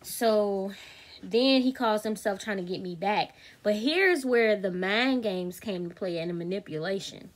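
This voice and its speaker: A woman's voice: medium pitch, normal speed, hardly any pauses. A woman, telling a storytime vlog straight to her viewers, candid, blunt and swearing freely. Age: 30s. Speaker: vlogger.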